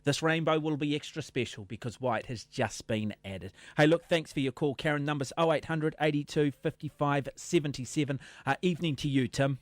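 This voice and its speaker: A man with a New Zealand accent hosts a talkback radio show. He is excited and emphatic, taking calls one after another. His voice is close and dry in the studio. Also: on the high side, brisk, hardly any pauses, no echo.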